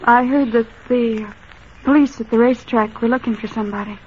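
An actress voices a shy young woman from a small town, gentle and curious, asking earnest questions. Her voice sits a little high. The old radio broadcast sounds muffled, with faint hiss. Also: fairly even intonation, a little fast, close to an everyday voice. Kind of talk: 1940s radio acting.

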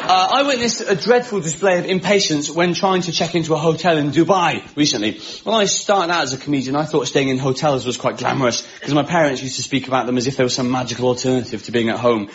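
A comedian delivers stand-up in a dry, wry way, his voice sitting a little high. The recording is muffled, with steady noise behind him. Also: fast talker, hardly any pauses. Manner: dry, wry delivery with frequent ums and audience laughter.

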